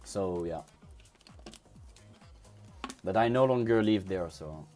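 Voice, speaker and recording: On a crypto trading live stream with faint background music, a low-pitched, slightly mellow man chats casually with viewers. A native French speaker from France with a French accent, he talks slowly and animatedly, often restarting and repeating words.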